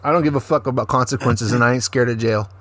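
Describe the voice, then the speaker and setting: A man co-hosting a podcast, telling profane, animated stories in casual chat. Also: mid-range voice, fast, no room sound. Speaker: podcast co-host.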